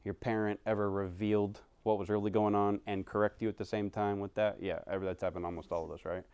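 A man preaching from the pulpit in a low, smooth, resonant voice, talking to his congregation casually and personally. He builds to animated bursts and drops back to near-hushed phrases. The sound is close and dry, with no room echo. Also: quick pace. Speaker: pastor. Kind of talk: sermon.

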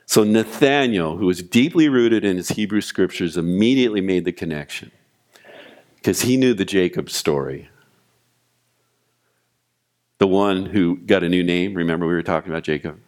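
A man preaching a sermon as pastor, retelling scripture and a personal story with animated storytelling. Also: sits low, fairly quick. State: weeping, choked voice in retold prayer.

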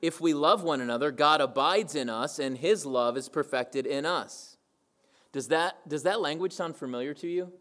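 A man's voice: a little high, normal speed, fairly bright tone. Emphatic man preaching a sermon. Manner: emphatic, repeats key phrases for weight. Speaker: pastor.

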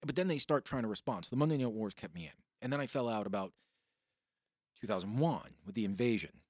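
A man hosting a podcast in casual chat, telling rambling, profane stories with bursts of excitement. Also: fairly low pitch, fast, no echo, studio quality. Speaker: podcast host.

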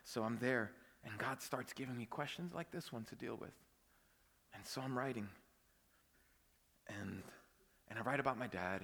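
A pastor preaching a sermon, telling a personal story that swings from hushed whispers to loud outbursts. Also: male voice, mid-range voice, moderate pace, gravelly, long pauses, big-room sound.

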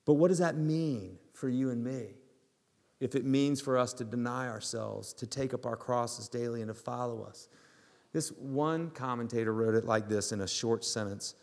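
A man preaching a sermon, emphatic, slowing and dropping to a hush on key words. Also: mid-range voice, creaky. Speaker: pastor. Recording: long hall reverb.

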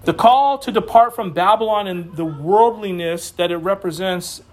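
A man's voice: sits high, moderate pace, darkish tone. A man giving a casual sermon as a Bible teacher, passionate and slangy, often laughing as he preaches.

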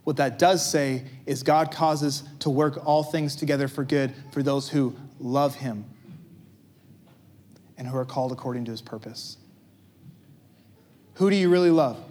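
A pastor preaching a conversational sermon, asking his listeners questions and joking with them. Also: high-pitched.

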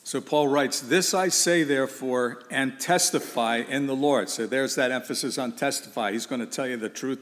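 A man's voice: mid-range voice, moderate pace, few pauses, fairly bright tone, big-room sound. A man preaching a sermon, asking his listeners rhetorical questions and repeating phrases for emphasis.

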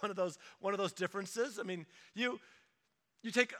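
Pastor guy preaching, chatty and animated, high bright voice, big echoey room. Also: normal speed. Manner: lively, conversational, acts out family stories. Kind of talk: sermon. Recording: echoey hall reverb.

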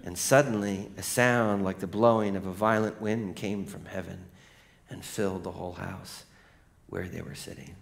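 A man preaching a sermon as pastor, telling stories and swinging from hushed lines to loud, excited ones. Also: low-pitched, moderate pace, vocal fry. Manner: storytelling, animated.

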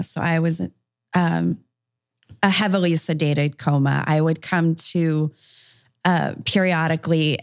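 A woman with a notably low voice speaks as an interview guest on a podcast. She talks candidly and conversationally, with fillers throughout, and the sound is dry and close. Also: no room sound. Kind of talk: interview, recounting personal story.

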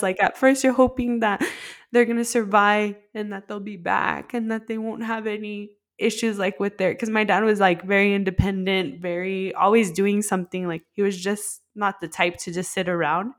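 A woman co-hosting a podcast, telling a personal story in a heartfelt, rambling way, full of "like" fillers. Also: mid-range voice. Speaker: podcast co-host.

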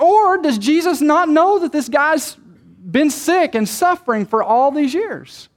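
A man's voice: very high-pitched, lively intonation, takes it slowly. A male pastor preaching a sermon in a conversational way, asking rhetorical questions and making light jokes.

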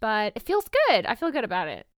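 A woman's voice: a little high, very animated, a little fast, no echo, clean studio sound. A young woman co-hosting a podcast, chatting casually in a bubbly, giggly way with lots of "like". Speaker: podcast co-host. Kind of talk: casual chat.

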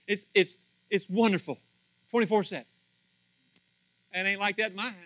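A male pastor preaching a sermon in an animated, conversational way, often repeating words and acting out what others say. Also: high-pitched, normal speed, pauses often, no room sound, poor audio.

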